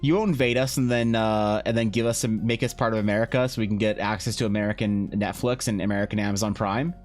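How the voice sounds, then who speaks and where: A man's voice: fairly low pitch, fairly even intonation, fast, soft background music. A man streaming while painting, trading crude joking banter with his chat. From Canada. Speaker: art streamer. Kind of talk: casual livestream chat.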